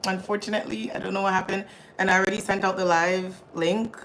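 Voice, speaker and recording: A woman's voice: medium pitch, steady tone, fast, fairly bright tone, slight background noise, rough recording. A woman hosting a casual live stream on her phone, chatty and flustered, often calling out to her viewers. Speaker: livestream host. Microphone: phone camera.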